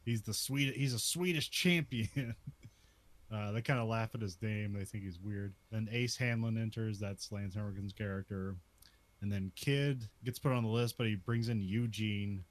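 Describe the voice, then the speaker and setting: A low-voiced man goes through a western scene by scene at a moderate pace. His recap is casual, full of laughter and repeated "like"s.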